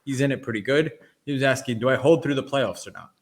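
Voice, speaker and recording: A man hosting a sports card podcast, chatting casually and thinking out loud. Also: mid-range voice, fast talker. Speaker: podcast host. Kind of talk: casual chat.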